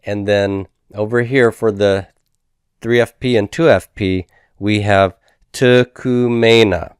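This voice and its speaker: A man's voice: fairly low pitch, fairly even intonation, unhurried, darkish tone, clear, resonant tone, no echo, studio quality. A man teaching a grammar lesson, patiently explaining and repeating each form. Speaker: Biblical Hebrew teacher. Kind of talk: recorded grammar lecture.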